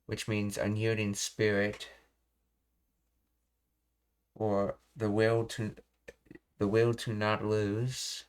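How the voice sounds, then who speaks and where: A man with a low, smooth voice teaches a live-streamed language lesson. He speaks slowly and evenly, pausing and restarting as he reads explanations aloud, with keyboard typing behind him. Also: monotone.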